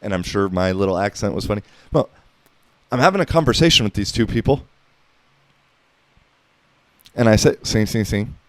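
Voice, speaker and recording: A man's voice: lowish voice, animated, moderate pace, long pauses, fairly bright tone, dry recording. Laid-back American man in his thirties. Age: 30s. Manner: laid-back, profane, heavy on filler words. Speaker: podcast host. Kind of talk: casual rambling monologue.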